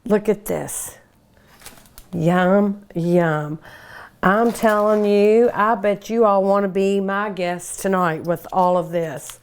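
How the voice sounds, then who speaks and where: A woman's voice: medium pitch, fairly even intonation, a little slow, few pauses, smooth. An older woman hosting a cooking show, chatting and gushing enthusiastically while she eats. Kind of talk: casual cooking show talk.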